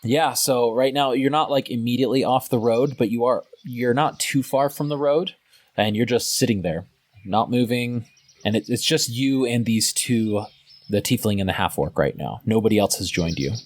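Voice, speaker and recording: A man narrating a tabletop game as game master in a relaxed, descriptive way. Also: mid-range voice, moderate pace, no echo.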